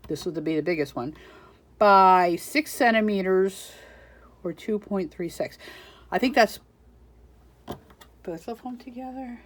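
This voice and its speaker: A woman's voice: mid-range voice, a little slow, long pauses. A woman chatting casually through a crafting haul, chatty and self-deprecating, giggling at herself. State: out of breath.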